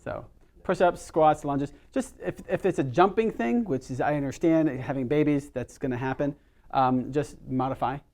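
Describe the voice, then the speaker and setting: A man's voice: on the high side, normal speed, darkish tone. A middle-aged man, a chiropractor, giving a casual workshop talk to a small group, telling stories and asking the audience questions. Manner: chatty, storytelling, asks the audience questions.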